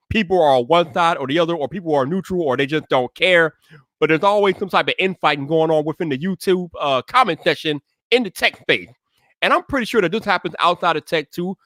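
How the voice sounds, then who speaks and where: A man's voice: on the high side, no echo. Slangy male live-stream host, dry sound. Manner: shout-outs to chat viewers, relaxed slangy delivery. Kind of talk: casual live-stream chat.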